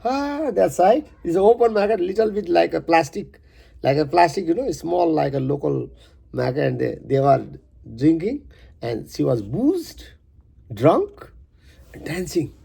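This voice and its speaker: A man who is a poet, reading his poem verse by verse and stopping for halting, rambling asides. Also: on the high side, sing-song, vocal fry, mellow, husky.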